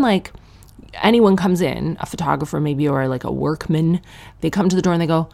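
A woman, a tired new mother, doing a brash comic monologue as a podcast host, ranting with animated outbursts. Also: sits low, moderate pace, gravelly. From Canada.

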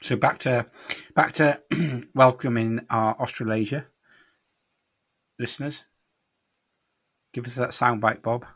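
A man's voice: medium pitch, fairly even intonation, slow, long pauses, fairly bright tone, breathy edge. A man hosting a podcast, teasing and steering a casual chat. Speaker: podcast host.

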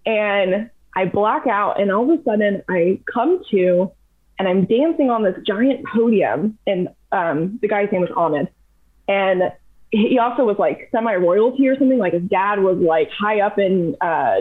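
A young adult woman telling a long story in casual, animated chat, full of fillers. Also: medium pitch, unhurried. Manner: chatty, animated, heavy use of "like". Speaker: podcast guest. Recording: tinny phone-like audio.

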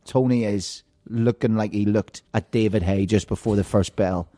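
A man hosting an interview show, playful and animated as he tells stories and quizzes his guest. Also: on the low side, moderate pace. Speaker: host. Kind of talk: lively interview chat.

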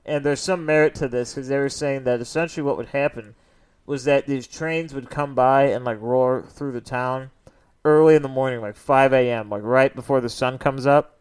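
A man's voice: mid-range voice, steady tone, moderate pace, darkish tone, smooth. A young man co-hosting a casual podcast chat, telling rambling, profane stories. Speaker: podcast co-host.

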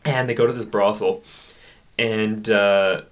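A man's voice: lowish voice, steady tone, slow. A man co-hosting a podcast, retelling a movie plot in crude, joking casual chat. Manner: crude, joking, slips into silly voices when retelling scenes. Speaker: podcast co-host.

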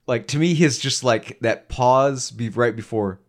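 A man's voice: medium pitch, measured pace. A man co-hosting a casual podcast, enthusiastic and rambling, full of fillers. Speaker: podcast co-host.

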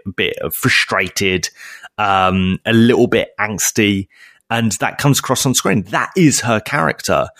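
A man's voice: lowish voice, fairly bright tone, no room sound, studio quality. A young man in casual podcast chat, enthusiastic and bantering with his co-host. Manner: chatty, enthusiastic, banter with slang like mate. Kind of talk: casual chat reviewing a TV episode.

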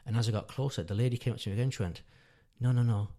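This podcast guest, a father around thirty, has a lowish, dark-toned voice and talks rapid-fire. He wanders through a lengthy personal story in easy conversation, earnestly fixing his words as he goes.

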